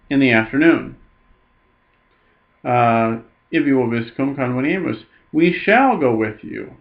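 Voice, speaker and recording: A man's voice: medium pitch, creaky, muffled recording. Man teaching a Latin lesson. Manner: patient, reads Latin slowly then translates. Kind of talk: recorded lesson walkthrough.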